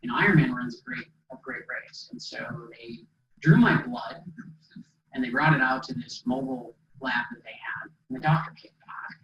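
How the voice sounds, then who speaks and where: A middle-aged motivational speaker addresses an audience, telling a personal story conversationally with fillers and acted-out quotes. His medium-pitched voice has lively intonation, a sharp tone, and a moderate pace, heard from a distance with a dull, echoey hall sound.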